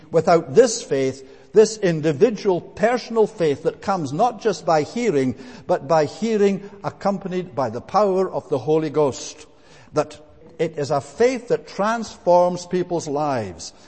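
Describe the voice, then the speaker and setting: A man's voice: on the high side, darkish tone. A man preaching a sermon, emphatic and repetitive, with frequent hesitant fillers. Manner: emphatic, repeats points with rising stress, frequent "eh" and "uh" fillers. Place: church. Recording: long reverb of a church hall.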